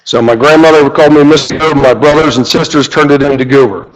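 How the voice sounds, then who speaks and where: A man's voice: on the high side, fast, low-quality recording. A middle-aged man with a Midwestern American accent, a car shop owner and radio host, telling rambling stories full of fillers. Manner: rambling, anecdotal, many fillers. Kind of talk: casual storytelling talk.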